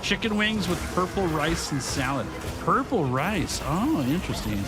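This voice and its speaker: Upbeat lively-voiced male game streamer. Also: fairly high pitch, moderate pace. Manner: upbeat, chatty, laughs often, greets chat by name. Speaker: streamer host. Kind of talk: casual live-stream chat while playing. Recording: game music behind voice.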